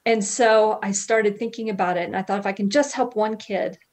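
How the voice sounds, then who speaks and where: A woman guest speaking earnestly and heartfelt about her faith, with soft laughs between thoughts, over a video call. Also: medium pitch, fairly even intonation, brisk. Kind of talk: personal faith testimony.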